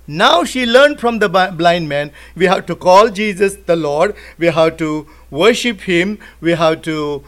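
A man leading a Bible study in an animated way, acting out the quotes with sudden swings in loudness and some nonstandard grammar. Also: high-pitched, unhurried, few pauses. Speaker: Bible teacher.

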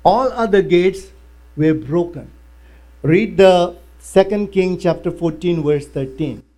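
A male pastor preaching a sermon in non-native English, telling stories with lively, broken phrasing. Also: high-pitched, slow. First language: not English. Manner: animated storytelling with broken grammar.

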